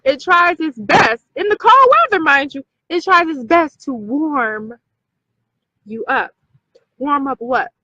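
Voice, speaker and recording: A woman's voice: high voice, slow pace, bright, forceful tone, no echo, muffled recording. A woman hosting a casual talk video for her viewers, emphatic, repeating points and checking in with "okay?". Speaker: video host.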